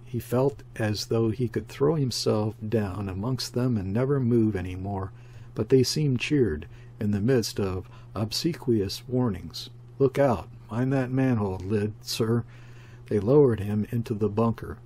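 A man narrating a classic sea story as an audiobook reader, in a steady, measured way. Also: on the low side, husky.

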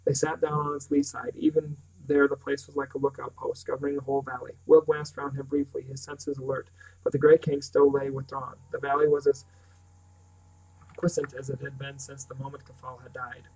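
A man narrating a novel aloud in a steady, even storytelling manner. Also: medium pitch, brisk, far from the mic, low-quality recording. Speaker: reader. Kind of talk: audiobook narration.

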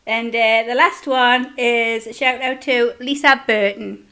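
A young eating-show vlogger from Newcastle, England, speaks in a Geordie accent, chatting and laughing often as she eats on camera, talking with her mouth full between bites. Her voice is on the high side and fairly bright, and she takes her time.

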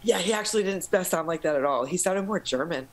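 American woman, swears a lot, animated storytelling, casual podcast chat. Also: on the low side, fast talker, rough recording. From United States. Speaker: podcast guest. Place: lives in Paris suburbs.

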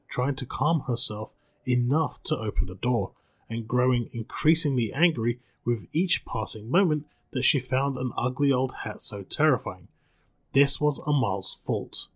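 In a husky voice of ordinary pitch, a male channel host tells a spooky short story, keeping his narration calm and measured.

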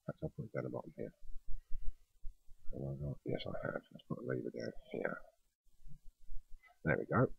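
A man with a very low, gravelly and husky voice talks through his building as a let's play host, his pitch rising and falling a lot. The recording is dry and slightly dull, like a cheap home microphone. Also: no room sound. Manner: chatty, thinking aloud while building. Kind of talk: casual game commentary.

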